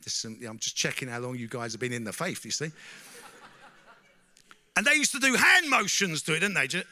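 A middle-aged man giving a personal testimony to a church audience, a lively storyteller who keeps asking the crowd questions and saying "you know?". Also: a little high, a little fast.

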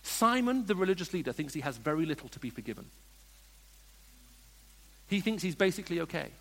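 A man preaching a sermon, moving between hushed storytelling and emphatic questions to the congregation. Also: on the high side, sing-song, fairly quick. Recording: long reverb of a large hall.

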